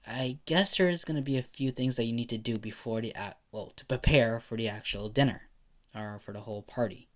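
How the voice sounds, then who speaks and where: Casting: fussing middle-aged mom, pitched up high, played by a man for a fan story. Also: lightly acted. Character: kindly mother, middle-aged woman. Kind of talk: amateur fan story narration.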